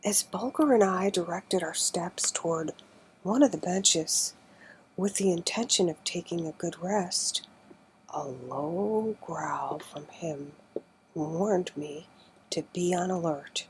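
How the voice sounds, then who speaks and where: A woman narrating an old adventure book in a slow, careful audiobook reading that often sinks to a near whisper. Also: lowish voice, darkish tone, slight background noise, rough recording.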